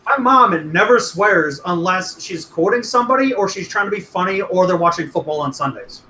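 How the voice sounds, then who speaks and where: A man's voice: high voice, expressive, normal speed, reverberant, crowd noise, poor audio. A man co-hosting a podcast, telling rambling, profane stories in casual chat. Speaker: podcast co-host.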